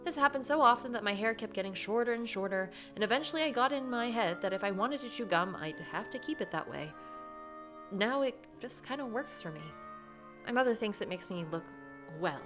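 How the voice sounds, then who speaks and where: A woman reading the first-person lines of a frank, witty young heroine in a visual novel, in an even storytelling manner. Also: medium pitch, normal speed, music in the background, natural voice.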